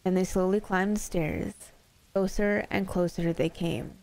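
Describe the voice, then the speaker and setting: A woman's voice: lowish voice, a little slow, darkish tone. Playful woman reading scary stories. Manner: playful, laughs easily, chats with viewers between stories. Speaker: streamer reading horror stories. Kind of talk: casual storytelling to a live chat.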